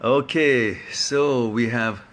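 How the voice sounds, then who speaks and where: Slow, bright-voiced chatty man. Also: medium pitch. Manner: chatty, laughs often, rambling. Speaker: host of a live online talk. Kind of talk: casual chat greeting viewers by name.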